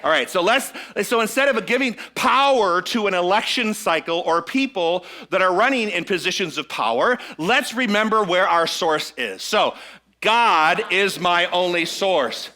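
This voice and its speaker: In a church sanctuary, a middle-aged minister delivers his sermon at a moderate pace with hardly any pauses. His high voice is animated, pushed, and bright. He keeps engaging the congregation, checking in with them and leading call-and-response.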